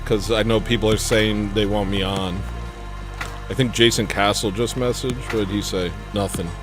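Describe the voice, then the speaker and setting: A man's voice: lowish voice, steady tone, moderate pace, over music. A young man hosting a comedy livestream, rambling and joking as he reads the chat, laughing often. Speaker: livestream host.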